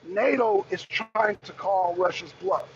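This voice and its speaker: A man's voice: sits high, a little slow. A man hosting a live talk show and ranting profanely in casual, repetitive commentary from his car in traffic. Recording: slightly dull lo-fi audio.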